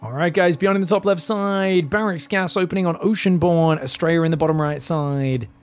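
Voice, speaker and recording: A man casting a live esports match, excitable and joking, shouting out at big plays. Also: on the high side, fairly quick, faint music behind. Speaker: esports caster. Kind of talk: live game commentary.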